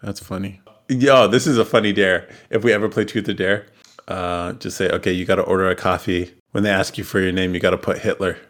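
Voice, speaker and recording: Joking young man with a low voice. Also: steady tone, brisk, a bit bright. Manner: joking, laughs often, swears casually. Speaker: podcast host. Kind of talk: casual chat.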